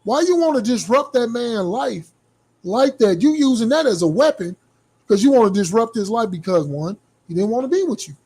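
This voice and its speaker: A man's voice: extremely high pitch, expressive, normal speed, a little mellow, husky. A man on a podcast who challenges the other host and argues back in a casual way. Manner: challenging, argumentative.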